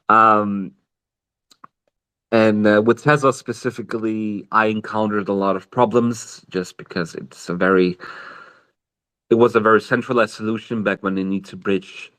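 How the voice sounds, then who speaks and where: A man answering interview questions in a casual online voice chat, hesitant and full of fillers and restarts. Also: lowish voice. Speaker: project co-founder, guest. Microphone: online voice call.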